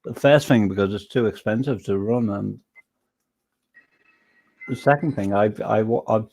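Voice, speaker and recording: A man's voice: fairly low pitch, vocal fry, darkish tone. Rambling Englishman on voice chat. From England. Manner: rambling, halting restarts. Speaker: chat host. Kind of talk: casual online chat.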